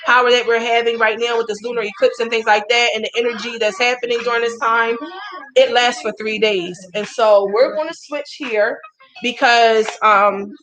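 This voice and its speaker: A woman's voice: a little high, fairly even intonation, a crowd in the background, poor audio. Chatty woman hosting a livestream. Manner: chatty, spiritual, gets emotional with sighs and pauses. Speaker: livestream host, herbal brand founder. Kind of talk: casual livestream talk.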